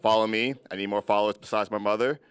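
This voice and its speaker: A man's voice: lowish voice, steady tone, quick pace, clear, resonant tone, no room sound. A young man doing a comedy sketch, joking about himself on stage. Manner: joking, self-mocking.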